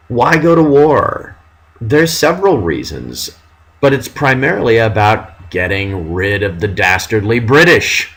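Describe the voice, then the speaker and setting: A man teaching a history lesson, dramatic and animated, reading out period quotes with mock outrage. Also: on the low side, poor audio. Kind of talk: classroom history lecture.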